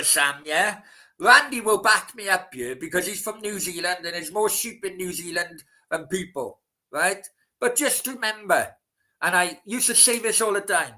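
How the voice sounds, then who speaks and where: A man's voice: high voice, sharp tone. A man hosting a casual live stream, rambling, swearing freely and talking straight to his chat. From Wales.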